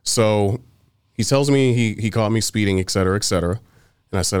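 A man's voice: fairly low pitch, brisk, smooth, no room sound, clean studio sound. A man casually telling a story on a podcast, acting out what others said and swearing freely. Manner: animated, acts out quoted exchanges, swears freely.

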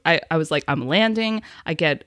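A woman co-hosting a podcast, chatting casually as an animated storyteller who laughs often. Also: deep voice, normal speed, no echo, studio quality. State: recovering from a face injury. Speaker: podcast co-host. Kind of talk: casual chat.

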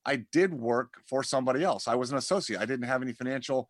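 A man's voice: medium pitch, fast, no room sound. A man speaking as a guest in a conversational interview, rambling and often repeating words as he starts his sentences. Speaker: podcast guest, dentist and community founder.

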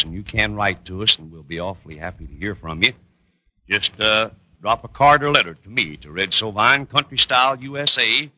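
Folksy 1950s country radio host. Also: male voice, fairly low pitch, dry recording, poor audio. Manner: folksy, homespun, relaxed. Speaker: radio show host and singer. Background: music.

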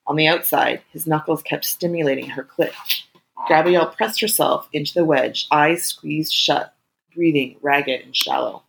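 Gravelly woman narrating a story. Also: deep voice, steady tone, normal speed, slight background noise, low-quality recording. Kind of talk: scripted erotic story narration.

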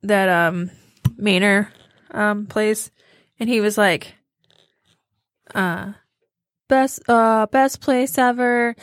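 A woman co-host talks through a story in a loose, halting way, circling back as she goes. Her voice sits at an ordinary middle pitch. The sound is close and dry, with no room around it. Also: steady tone, no room sound. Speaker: podcast co-host. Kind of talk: casual chat.

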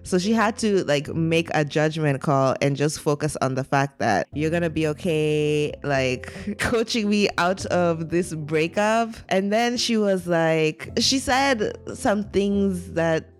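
A woman telling a personal story in a casual, animated, dramatic way, with many "like" fillers. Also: sits low, takes it slowly, hardly any pauses, soft background music. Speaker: guest storyteller.

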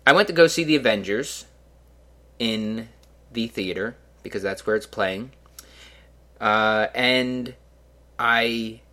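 Young male podcast host, bright voice, middle pitch, rambling and sarcastic. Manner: rambling, self-mocking, with sarcastic asides. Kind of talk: casual solo podcast monologue.

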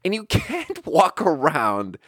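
A man's voice: fairly high pitch, huge pitch swings, slow, fairly bright tone, no room sound, clean studio sound. A young man from Sweden telling a rambling, exasperated story in casual podcast chat and swearing freely. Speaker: podcast host.

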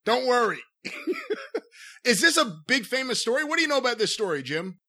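Lively high-voiced man asking questions. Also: brisk. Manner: curious questioner, laughs along. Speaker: podcast host. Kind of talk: casual chat.

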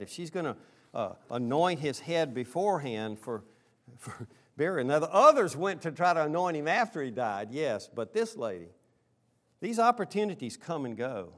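A middle-aged man preaching a sermon in a middle-pitched voice. He speaks earnestly, lifting his voice to stress key lines and dropping quiet for stories and asides. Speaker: pastor.

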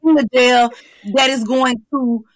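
A woman talks emphatically in casual podcast chat, with her voice sitting fairly high. The recording is dry and close, with no room sound. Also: fairly even intonation, a little slow, dry recording. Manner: emphatic, protective, laughing asides. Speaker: podcast co-host.

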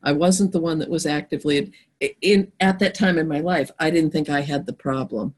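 Woman host, low mellow voice, earnest and reflective. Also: steady tone, fairly quick, rough recording. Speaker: podcast host. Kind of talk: casual conversation.

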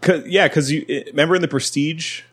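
A man co-hosting a casual movie podcast, animated and laughing as he acts out scenes. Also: on the high side, fairly quick, slightly rough. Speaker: podcast co-host.

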